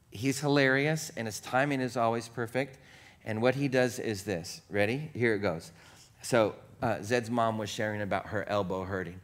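A male pastor preaching a sermon in a conversational, self-deprecating way, using playful repetition and humor. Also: on the low side. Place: church sanctuary.

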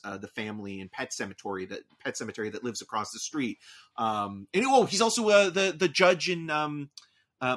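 A man's voice: on the low side, fairly bright tone. A man co-hosting a podcast, talking in a casual, enthusiastic, rambling way with lots of fillers. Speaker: podcast co-host. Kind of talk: casual chat.

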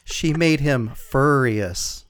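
A man player making deadpan jokes in casual tabletop game talk. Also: medium pitch, extremely slow, a little hiss or hum.

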